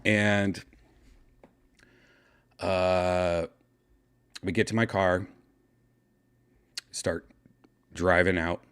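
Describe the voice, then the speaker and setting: A man hosting a podcast, casually telling a story with excitement and swearing, acting out his own shouts. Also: low-pitched, drawn-out words, long pauses, clear, resonant tone. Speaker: podcast host.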